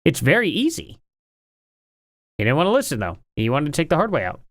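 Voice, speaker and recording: A man's voice: a little high, huge pitch swings, a little fast, no echo. A man giving rambling, opinionated commentary in a casual style, often sounding incredulous. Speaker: online commentary streamer.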